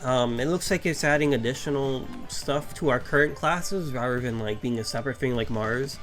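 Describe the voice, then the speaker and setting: A man, a VTuber, rambling without a script about a game update, sounding tired and filling pauses with ums and restarts. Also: mid-range voice, a bit bright, faint music behind. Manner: tired, yawning, many fillers and restarts. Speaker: vtuber commentator. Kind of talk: unscripted rambling commentary.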